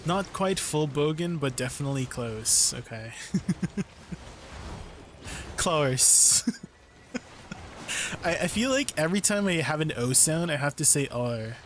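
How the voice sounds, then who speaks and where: A man's voice: on the high side, lively intonation, moderate pace, slight background noise. A young man streaming a game in casual chat, laughing often between sentences. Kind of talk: casual chat while gaming.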